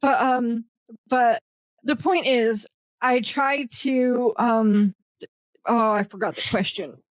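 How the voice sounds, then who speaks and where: Blunt, higher-voiced woman guest. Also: fairly even intonation, takes it slowly, no echo, low-quality recording. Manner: blunt, self-deprecating, laughs often; rambling with fillers and restarts. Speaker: guest, virtual assistant. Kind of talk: casual interview conversation.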